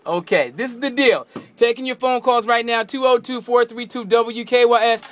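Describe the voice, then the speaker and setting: A man hosting live radio, excitedly questioning coworkers in the station. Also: extremely high pitch, normal speed. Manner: energetic, shouting questions at coworkers. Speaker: radio host. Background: crowd of coworkers.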